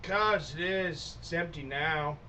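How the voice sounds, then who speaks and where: A man's voice: a little high, takes it slowly, a loud crowd. A man playing a surly, dismissive motel clerk.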